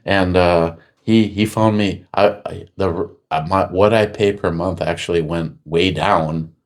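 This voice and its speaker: Low-voiced rambling man telling stories. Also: steady tone, a little slow. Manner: rambling storyteller acting out quotes loudly. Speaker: podcast host. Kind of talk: casual chat.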